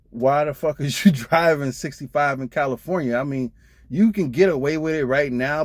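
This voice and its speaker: A man's voice: medium pitch, a little mellow, dry recording. Blunt, profane trucker man venting. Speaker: truck driver vlogger. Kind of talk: casual storytelling rant.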